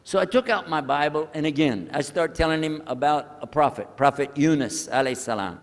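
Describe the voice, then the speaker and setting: An older male religious speaker telling a personal story to an audience, acting out the dialogue with lively changes of voice. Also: on the high side, a little fast, long reverb tail. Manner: animated storyteller who acts out the dialogue.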